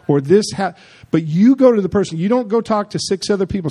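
High-voiced, mellow man preaching. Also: expressive, fairly quick. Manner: emphatic, conversational preaching with repeated asides. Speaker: pastor. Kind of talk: sermon.

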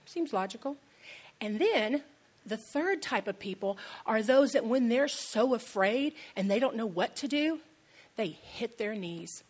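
A woman's voice: a little high, animated, a little slow, darkish tone, husky. Woman pastor preaching conversationally. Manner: conversational, storytelling with repeated emphasis. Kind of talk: sermon.

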